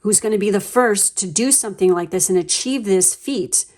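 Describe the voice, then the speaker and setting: A woman's voice: medium pitch, moderate pace, darkish tone. A woman giving a pick-a-card tarot reading in a blunt, emphatic manner, swearing freely and using many fillers. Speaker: tarot reader.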